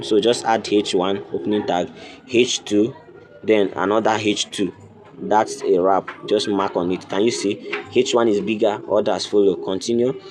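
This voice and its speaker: A man with a somewhat low voice talks over a screen recording of a coding lesson. He goes step by step like a patient teacher and keeps asking whether you can see it. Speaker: coding tutorial host. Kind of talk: screen-recorded tutorial walkthrough.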